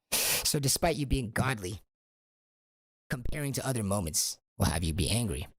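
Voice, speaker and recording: Man, gravelly, husky, lively pitch; solo podcast host, whispery swings. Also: moderate pace, long pauses, no echo, clean studio sound. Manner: dramatic swings between whispers and loud lines. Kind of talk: meditative monologue podcast.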